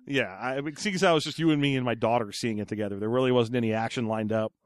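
A man co-hosts a casual film podcast, rambling along in a deadpan way and often restarting his sentences. His voice sits at an ordinary middle pitch, recorded dry and close with no room echo. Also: rapid-fire, clean tone. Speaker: podcast co-host. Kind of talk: casual chat.

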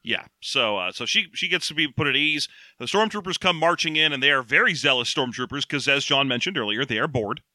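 A man's voice: medium pitch, animated, brisk, hardly any pauses, bright, forceful tone, no echo. A man co-hosting a casual podcast, recapping a story in a joking, rambling way. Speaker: podcast co-host. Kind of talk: casual book-discussion chat.

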